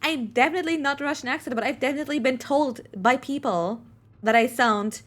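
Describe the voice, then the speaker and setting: Chatty high-voiced woman streamer. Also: fast talker. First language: not English. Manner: rambling, chatty, many fillers. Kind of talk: casual gameplay commentary.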